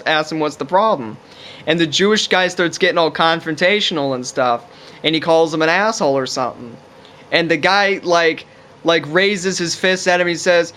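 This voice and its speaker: A man with a fairly high voice rambles through a casual, profane monologue to camera. He piles on fillers like "you know" and "like" as he talks. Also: bright, forceful tone. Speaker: vlogger.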